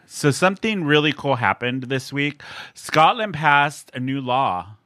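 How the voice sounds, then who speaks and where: A man hosting a podcast in casual chat, animated and laughing often as he wraps up the show. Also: fairly high pitch, unhurried, dry recording. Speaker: podcast host.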